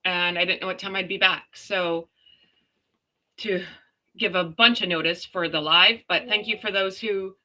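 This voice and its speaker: Bright-voiced chatty woman hosting a livestream. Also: fairly low pitch, steady tone, measured pace. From Canada. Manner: chatty, exclaims often, greets viewers by name. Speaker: livestream host. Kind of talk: casual livestream chat.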